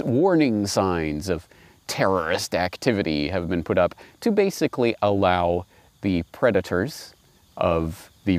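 A man reading fables aloud and commenting on them, animated and wry. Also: deep voice, dry recording. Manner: animated, wry, laughs at his own points. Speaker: host.

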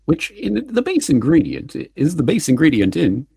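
A man's voice: a little high, wildly swooping pitch, moderate pace, creaky, a little mellow, slightly rough, no room sound, heavily acted. A man voicing a formal, exact and overly polite household robot butler in an audiobook. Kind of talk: audiobook character reading.

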